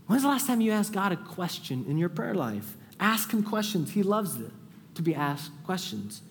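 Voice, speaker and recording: A pastor delivering a sermon in a church, his voice sitting a little higher than most men's. He talks earnestly, rising to urgent peaks and sinking to near-whispers for prayers. The sound carries a long reverb tail from the large hall. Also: sing-song, normal speed. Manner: earnest, rises to an urgent high pitch when stressing a point; drops to a soft hush when voicing a prayer. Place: church sanctuary.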